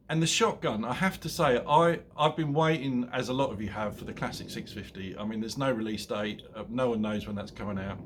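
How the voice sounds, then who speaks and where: A man's voice: medium pitch, slightly rough. A man in his fifties, hungover and chatting to camera at home, telling a self-mocking story and laughing at his own jokes. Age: 50s. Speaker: motorcycle vlogger. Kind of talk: casual chat to camera. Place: at home, indoors.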